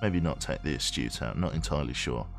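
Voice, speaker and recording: A man's voice: rumbling low, quick pace, vocal fry, over music. A man streaming a game in a rambling, chatty way, reading game text aloud and swearing offhand. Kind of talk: casual live game commentary.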